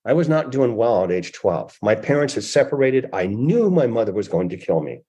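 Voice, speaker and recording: Husky older man telling stories emphatically. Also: mid-range voice, sing-song, moderate pace, mellow, lo-fi sound. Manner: emphatic, acts out quoted voices. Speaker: guest author. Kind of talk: animated storytelling interview.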